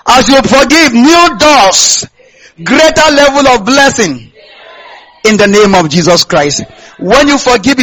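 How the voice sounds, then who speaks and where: Man, Nigerian accent, pastor, sermon, high-pitched, husky, asks the congregation questions. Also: animated, unhurried, a bit bright, low-quality recording. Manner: preaching with call-and-response questions to the congregation.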